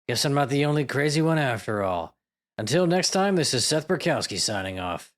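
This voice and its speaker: A man's voice: medium pitch, very animated, fairly quick. A man hosting a comedic solo podcast, riffing sarcastically and with plenty of profanity. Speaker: podcast host.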